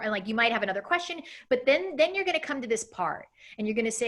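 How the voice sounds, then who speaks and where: Woman in her thirties, coaching instructor, bright forceful voice, quick and animated, acting out sample emails. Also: fairly high pitch. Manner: fast, animated, acts out example emails. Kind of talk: live coaching session on a webinar.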